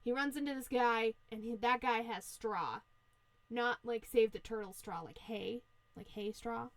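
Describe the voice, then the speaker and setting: A woman's voice: on the high side, a little slow, dry recording. A woman podcast host casually retelling a fairy tale in a profane, slangy, playful way. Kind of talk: casual storytelling chat.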